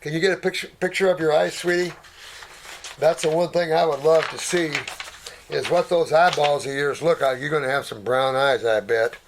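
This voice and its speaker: A man's voice: fairly high pitch, steady tone, moderate pace, a little hiss or hum. An older man in a casual question-and-answer talk, rambling and folksy, calling people honey and sweetheart and trailing off as he searches for words. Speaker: naturopath answering viewer questions. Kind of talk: casual Q&A commentary.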